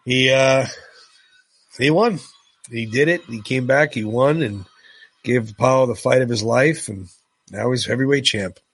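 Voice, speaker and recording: Middle-aged male co-host, gravelly and husky, an animated storyteller. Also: medium pitch, measured pace, pauses often, dry recording. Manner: excited, storytelling, animated recollection. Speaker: podcast co-host. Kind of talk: casual film commentary chat.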